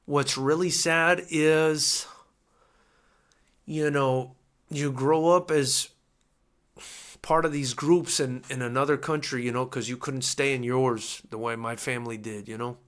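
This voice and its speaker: A man talks to his viewers on a live boxing companion stream. His voice is bright and forward, and his pitch sits in an ordinary middle range. He reacts with emotion and keeps repeating his words as he goes. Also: measured pace. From United States. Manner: excitable, repeats himself, emotional. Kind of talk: live fight companion commentary.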